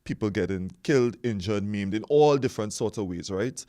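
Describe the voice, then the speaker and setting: A man's voice: on the low side, lively intonation, a little fast, warm tone. A man explaining his view in a podcast discussion, often checking in with "right?". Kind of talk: casual discussion.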